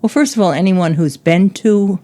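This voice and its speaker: Older woman, low voice, chatty guest who acts out quotes and laughs easily. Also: normal speed, warm tone. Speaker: guest, host's mother. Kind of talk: casual book discussion.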